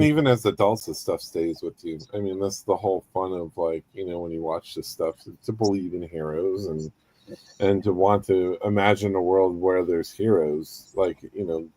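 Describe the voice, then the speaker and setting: Male podcast co-host, low dark voice, casual, dry close sound. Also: normal speed, no room sound, poor audio. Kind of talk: casual chat.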